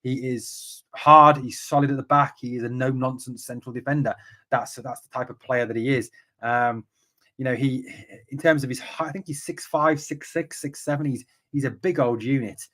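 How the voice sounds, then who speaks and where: A man's voice: mid-range voice, steady tone, moderate pace, sharp tone. An English man hosting a live football podcast, reading out viewer comments and answering them in a chatty way with many ums. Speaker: podcast host.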